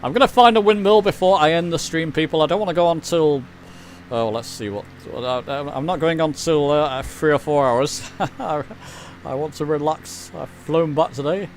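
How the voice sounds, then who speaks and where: A man's voice: a little high, moderate pace, a little hiss or hum. A man chatting casually while streaming a flight simulator, rambling and reading chat aloud. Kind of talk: casual live-stream commentary.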